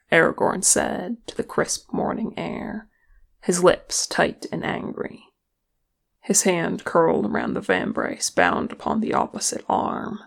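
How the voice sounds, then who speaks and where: A woman reading a fan fiction audiobook, narrating in a slow, even storytelling manner. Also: fairly low pitch, creaky, breathy edge. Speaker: audiobook reader.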